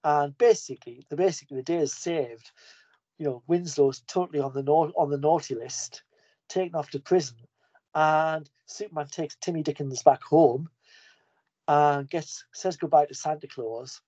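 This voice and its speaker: Mellow man recapping a comic casually. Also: on the high side, normal speed, no echo. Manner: enthusiastic, rambling, with frequent restarts. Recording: dull lo-fi podcast audio.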